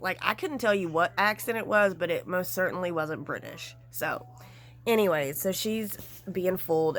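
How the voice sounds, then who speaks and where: A woman vlogger giving casual, gossipy commentary, animated and frank with some mild swearing. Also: lowish voice.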